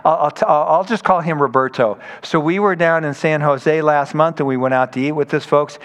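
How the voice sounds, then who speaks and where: A man preaching a sermon in a conversational, storytelling way, acting out quoted people as he goes. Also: a little high. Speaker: pastor. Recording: long hall reverb.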